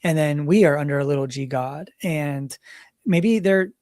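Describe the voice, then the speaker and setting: A young man with a somewhat high voice, recorded dry and close. He asks rambling questions in casual podcast chat, filling them with likes and ums. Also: normal speed, a little mellow, no room sound. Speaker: podcast co-host.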